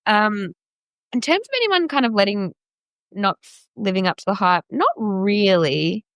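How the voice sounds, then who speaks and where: A young Australian woman, a radio presenter, chatting candidly as a podcast guest with quick asides. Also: medium pitch, lively intonation, dry recording. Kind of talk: casual interview chat.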